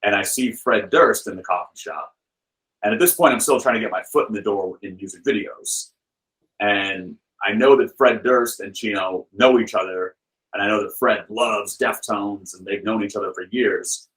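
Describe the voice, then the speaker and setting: A man's voice: on the low side, normal speed, poor audio. A man, a film director and author, guesting on a podcast and telling a story in a loose, chatty way with plenty of filler words. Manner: lively anecdote-teller with loose filler words; acts out the people he quotes with shifted voices. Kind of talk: casual storytelling.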